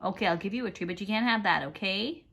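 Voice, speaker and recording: A woman at home talking to her pet parrot in a playful, coaxing sing-song, scolding it gently and fussing over it in baby talk. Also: mid-range voice, quick pace, creaky. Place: home indoors, by a fireplace.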